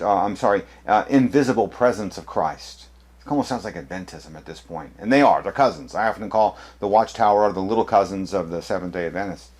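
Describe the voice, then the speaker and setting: A man's voice: lowish voice, darkish tone. A man presenting an apologetics lesson to camera, speaking emphatically with many fillers and restarts as he points through books. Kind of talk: lecture showing books to camera.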